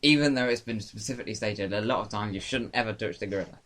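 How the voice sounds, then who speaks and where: A man co-hosting a podcast, riffing on an improvised comic story, quick with jokes and laughter. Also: on the low side, a bit bright. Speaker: podcast co-host.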